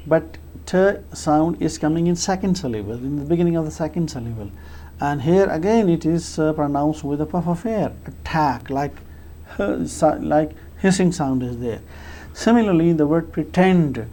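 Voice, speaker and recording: A teacher giving a lecture, halting and full of fillers, repeating key phrases to make points clear. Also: medium pitch, mellow. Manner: halting, with frequent fillers and restarts. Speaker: English teacher. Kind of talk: explanatory lecture.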